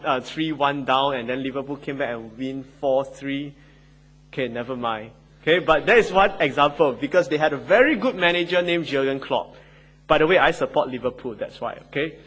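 A man preaching a sermon, emphatic and expressive, with conversational asides to his listeners. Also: on the high side, breathy edge, rough recording. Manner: emphatic, rising and falling between quotes and asides.

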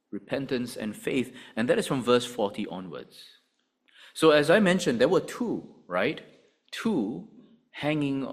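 A male preacher delivers a sermon in a mid-range voice. He speaks straight to his listeners, and his pitch climbs and falls freely as he drives each point home. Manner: animated preaching, rising and dropping in pitch and volume; addresses listeners directly.

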